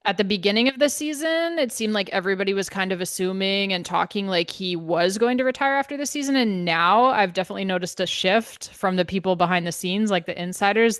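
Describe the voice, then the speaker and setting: Woman podcast host, casual sports chat, smooth and clear, close dry mic. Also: medium pitch, a little fast, hardly any pauses, fairly bright tone, no echo. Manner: chatty, frequent fillers, swears casually.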